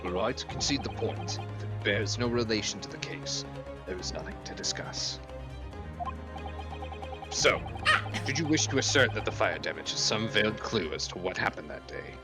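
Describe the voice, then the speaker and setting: A man's voice: lowish voice, animated, normal speed, natural voice. A man voicing a haughty aristocratic prosecutor in a lofty, sneering courtroom manner, over game music.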